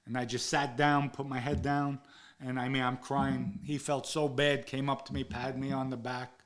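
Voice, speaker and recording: A man of middle pitch tells a story in the first person, blunt and full of swearing. He acts out confrontations with a rising voice, then drops low and quiet over the painful parts. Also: flat delivery, normal speed. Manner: vivid and blunt, swearing, reenacting heated exchanges; sinks into a low, subdued tone when recounting emotional moments. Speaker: interview guest recounting his past.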